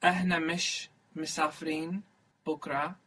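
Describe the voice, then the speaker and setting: Rapid-fire husky male student. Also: fairly high pitch, level tone, pushed and bright. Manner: brief, quick answers. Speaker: language student. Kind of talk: answering in a language lesson.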